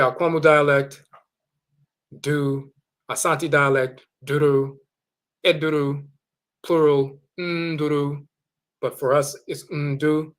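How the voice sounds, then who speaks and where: Man slowly teaching word meanings. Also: fairly high pitch, a bit bright. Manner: slow, deliberate, repeating words for emphasis; carefully sounding out foreign words. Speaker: teacher of Akan spiritual tradition. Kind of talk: explanatory lecture with dictionary readings.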